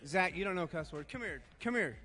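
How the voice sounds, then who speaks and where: A man's voice: high-pitched, expressive, brisk, pushed and bright, faint music behind. An older man leading a youth group game, reading slang terms aloud, stumbling over them and laughing at himself. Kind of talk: playful group game in front of students.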